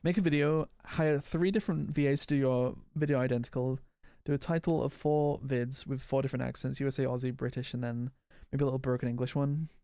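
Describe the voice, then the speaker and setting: A man's voice: medium pitch, steady tone, a little fast, mellow, clear, resonant tone, no room sound, studio quality. A man chatting casually while playing a game, rambling and answering viewers' comments with frequent restarts. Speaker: gaming video creator. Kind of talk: casual live gameplay chat.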